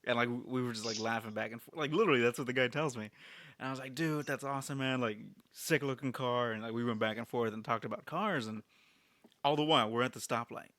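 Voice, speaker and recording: A man co-hosting a podcast, telling an animated story in a casual chat full of fillers. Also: mid-range voice, fast, dry recording. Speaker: podcast co-host.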